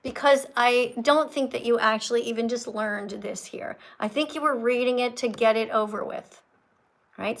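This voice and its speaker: A woman's voice: a little high, fairly bright tone, rough recording. A woman hosting a livestream, lecturing a caller in an emphatic, scolding, preachy way. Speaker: livestream host teaching veganism.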